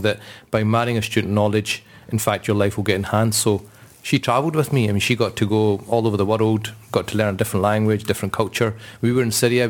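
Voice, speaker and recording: Low-voiced man telling stories. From Britain. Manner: animated, acts out voices in stories. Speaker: Islamic scholar guest. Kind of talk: anecdotal storytelling.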